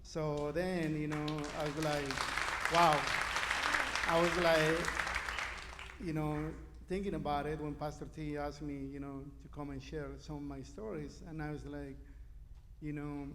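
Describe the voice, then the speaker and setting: A man's voice: on the high side, flat delivery, measured pace, a crowd in the background. A man from Mexico whose first language is Spanish, sharing a personal testimony as a church guest in a chatty way, with plenty of "you know". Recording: live in a reverberant hall with faint noise.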